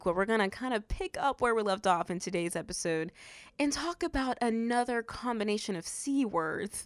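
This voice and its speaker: A woman's voice: mid-range voice, clean tone, no room sound. A woman hosting a faith-based podcast, talking earnestly and effusively to her listeners with plenty of fillers. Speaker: podcast host.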